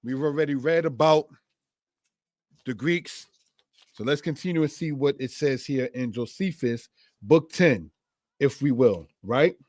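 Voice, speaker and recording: A man's voice: medium pitch, measured pace, pauses often, a little mellow, dry recording. A man teaching a scripture lesson, often calling his listeners brothers and sisters, who reads passages aloud and comments on them. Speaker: Torah teacher.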